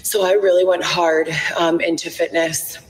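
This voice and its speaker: Speaking on the low side with a flat delivery at normal speed, a woman in her thirties rambles on a phone live stream. She leans heavily on "like" and "um," and the recording has an echoey, roomy quality.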